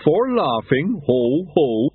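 A man voicing a calm, good-natured male yeti who speaks in an unhurried, matter-of-fact way, over tinny narrowband audio. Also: on the high side, slightly rough, voice pushed up, exaggerated voice. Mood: placid.

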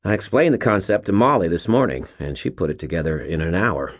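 A man's voice: low voice, very animated, brisk. A man voicing a skinny nerdy young man who talks earnestly and eagerly.

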